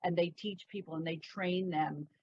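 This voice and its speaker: A woman hosting an interview, animated and quick to agree, telling stories from her own life as a mother. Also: on the low side, slight background noise. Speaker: interview host. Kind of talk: casual interview chat. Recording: dull lo-fi audio.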